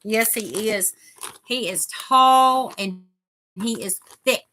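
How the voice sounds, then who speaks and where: A woman's voice: fairly high pitch, slow, bright, forceful tone, slight background noise. A woman hosting a casual live chat, reading viewer comments aloud as she crochets. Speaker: host.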